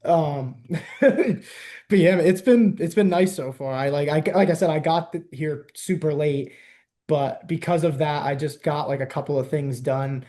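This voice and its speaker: Young man, podcast host, animated, laughing, slightly high, mellow. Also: a little slow. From New Jersey–New York area. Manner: animated, ranting, laughs often. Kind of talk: casual podcast chat.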